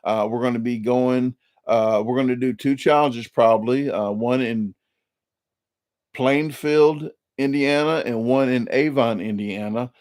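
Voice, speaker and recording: A man's voice: mid-range voice, a little slow, darkish tone, dry recording, clean studio sound. A man, hosting a casual live-stream chat and rambling with many restarts and repeated words. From Illinois. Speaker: YouTube channel host.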